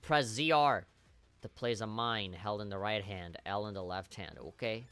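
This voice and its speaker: A man's voice: lowish voice, normal speed, a bit bright. A man streaming a video game live, rambling with wry, profane commentary.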